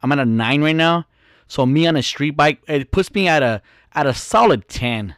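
A man's voice: on the high side, expressive, normal speed, fairly bright tone, no room sound, clean studio sound. A young man telling a profane, boastful story in casual podcast talk.

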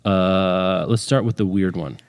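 A man co-hosting a podcast in casual chat, joking and rambling with quick restarts. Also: sits low, clean tone. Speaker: podcast co-host.

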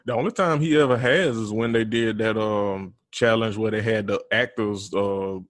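A man's voice: on the low side, no echo, studio quality. A man co-hosting a podcast, chatting bluntly about reality TV with lots of cursing and laughter. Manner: blunt, profane, quick to laugh. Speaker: podcast co-host. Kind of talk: casual reality-TV chat.

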